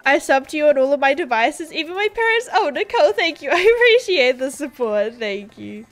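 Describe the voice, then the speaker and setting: A young Australian woman with a high, bright voice chats bubbly and scattered with her viewers during a game stream, full of filler words and giggles. Soft game music plays faintly behind her. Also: sing-song, brisk, few pauses. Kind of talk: casual livestream chat, reading viewer comments.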